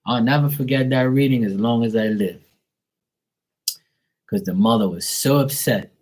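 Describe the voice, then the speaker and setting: A man's voice: medium pitch, normal speed, a little mellow, rough recording. A man, a tarot reader, telling stories casually on a live stream, blunt and profane.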